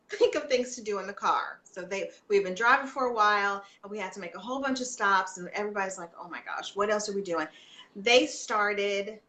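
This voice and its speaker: Podcast guest, woman, bright chatty storyteller, roomy echo on the mic. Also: medium pitch. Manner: chatty storytelling, frequent fillers and restarts. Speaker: guest, homeschooling mother. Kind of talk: casual interview chat.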